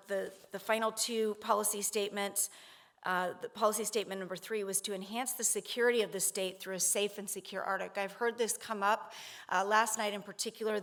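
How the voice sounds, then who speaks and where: A woman's voice: mid-range voice, a bit bright. Woman, conference speaker, earnest, lots of fillers and restarts. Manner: earnest, repeats phrases, many fillers. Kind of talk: conference panel speech.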